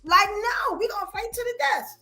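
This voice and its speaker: High bright-voiced Brooklyn woman. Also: moderate pace. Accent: New York. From Brooklyn, New York. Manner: animated, emphatic storytelling with repeated "you get what I'm saying". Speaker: podcast host. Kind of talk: casual podcast chat.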